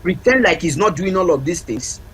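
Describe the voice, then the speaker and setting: A man's voice: high voice, animated, brisk, a bit bright, a little hiss or hum, low-quality recording. A man with a Nigerian accent, a family counselor giving advice on a TV talk show, emphatic and repeating key points like a teacher.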